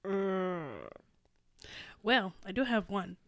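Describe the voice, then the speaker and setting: A woman guest in a casual chat, speaking softly and hesitantly. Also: mid-range voice, sing-song, very slow, dry recording. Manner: hesitant, soft-spoken. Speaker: podcast guest.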